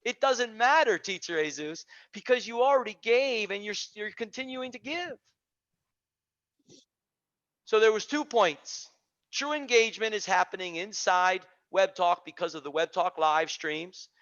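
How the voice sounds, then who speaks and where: A man hosting an online teaching community, giving an energetic, preachy talk on a video call and repeating phrases for emphasis. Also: high voice, unhurried. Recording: dull lo-fi video call audio.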